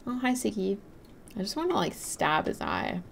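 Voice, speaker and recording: A woman's voice: mid-range voice, huge pitch swings, normal speed, vocal fry, a little hiss or hum. A woman live-streaming a game, chatting casually, rambling and reading out and answering her chat. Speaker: livestreamer.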